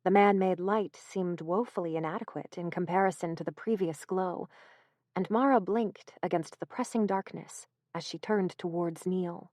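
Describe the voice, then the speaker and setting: A woman reading a horror audiobook in a measured, even storytelling manner, close to the mic. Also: lowish voice, dry recording. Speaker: audiobook narrator. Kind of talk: scripted narration.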